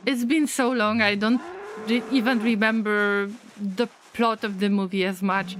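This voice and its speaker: A woman's voice: medium pitch, fairly even intonation, measured pace, a bit bright, slight background noise. A woman streaming a survival game in casual chat, reacting aloud, laughing often and mooing at the cows. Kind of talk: casual live-stream commentary.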